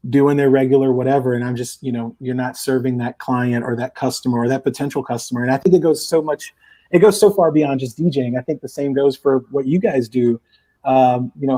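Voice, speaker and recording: Relaxed man chatting on a podcast. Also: mid-range voice. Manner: rambling, loose storytelling with many restarts. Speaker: podcast guest, DJ. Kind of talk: casual chat. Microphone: headphones or headset, remote call.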